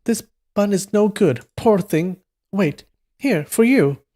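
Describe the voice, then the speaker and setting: A man's voice: high voice, takes it slowly, pitched above the performer's own voice, heavily acted. A man voicing a teasing young beggar boy in a live reading of a storybook. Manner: teasing, lively.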